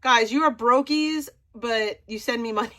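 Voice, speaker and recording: A woman's voice: a little high, normal speed, sharp tone. A woman streamer mocking a caller in casual livestream chat, laughing and using sassy slang.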